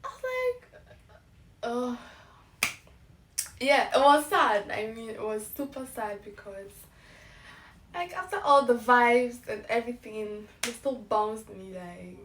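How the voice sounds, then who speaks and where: A woman's voice: on the high side, takes it slowly, long pauses, roomy sound, recorded from a distance, a little hiss or hum. A young woman in her twenties from Ghana, telling a casual story-time vlog and laughing as she acts out the emails she got. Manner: animated, laughing, acts out emails in bright voices. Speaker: vlogger.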